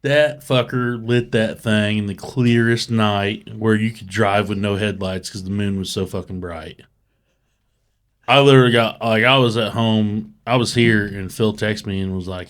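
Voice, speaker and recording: A man's voice: lowish voice, fairly even intonation, moderate pace. A man telling old stories in casual podcast chat, swearing all the time and laughing as he talks. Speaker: podcast host.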